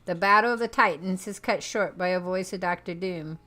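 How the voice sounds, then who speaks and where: A woman's voice: on the low side, normal speed, hardly any pauses, pushed and bright. A woman streamer reading a comic book aloud, narrating with small stumbles and self-corrections.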